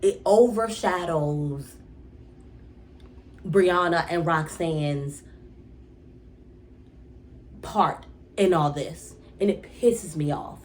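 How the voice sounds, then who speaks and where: A young woman hosting a TV recap vlog, talking in a casual, exasperated and animated way with many restarts. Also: fairly low pitch, extremely slow, long pauses. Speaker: TV recap vlogger. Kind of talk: casual rambling recap monologue.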